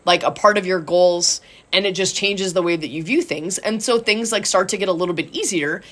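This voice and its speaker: A woman coach telling a story in casual chat, animated and acting out quotes with lots of "like". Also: fairly low pitch, fairly quick.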